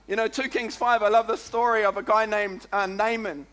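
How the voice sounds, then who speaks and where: High, bright New Zealand preacher man. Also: normal speed, smooth. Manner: lively, chatty preaching with frequent "come on" and "eh?". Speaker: pastor. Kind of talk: sermon.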